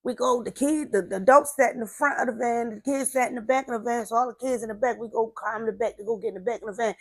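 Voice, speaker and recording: A woman sharing a personal testimony, animated, acting out other people's voices and repeating her phrases as she talks. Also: on the high side, quick pace, hardly any pauses, no room sound. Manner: repeats herself, trailing fillers like "this, that, and the third". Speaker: testimony speaker.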